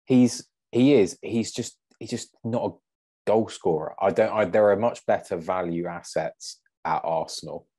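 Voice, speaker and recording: Man, podcast guest, low voice, measured, casual. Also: mellow. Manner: measured, thinks aloud with fillers.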